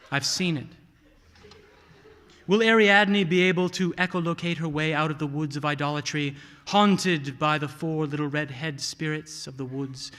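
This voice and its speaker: A man's voice: fairly high pitch, fairly bright tone. A man acting as host, giving a playful, mock-dramatic introduction of a reader to an audience. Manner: playful, theatrical build-up. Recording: long hall reverb.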